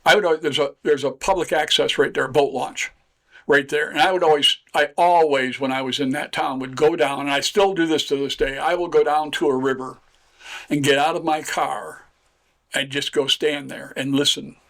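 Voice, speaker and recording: Older Michigan man, guest storyteller; folksy, rambling delivery, pitched a bit high. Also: fairly even intonation, normal speed, a bit bright. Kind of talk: casual storytelling.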